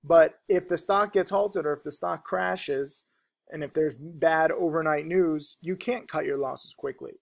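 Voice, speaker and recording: A man giving a casual, unscripted trading lesson, talking rapidly and rambling, with lots of fillers and restarts. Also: a little high, vocal fry. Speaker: stock trading teacher.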